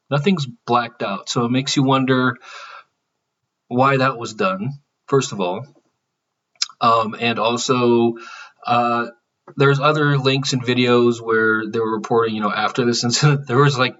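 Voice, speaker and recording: A man's voice: mid-range voice, fairly bright tone, far from the mic, lo-fi sound. A man talking casually to his channel, rambling with many fillers and restarts. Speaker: channel host. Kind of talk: casual spiritual vlog monologue.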